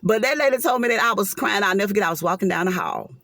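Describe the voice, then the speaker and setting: A woman's voice: mid-range voice, expressive, very fast, creaky, fairly bright tone, dry recording, clean studio sound. A woman, telling an emotional personal story to viewers in a casual vlog, with churchy asides.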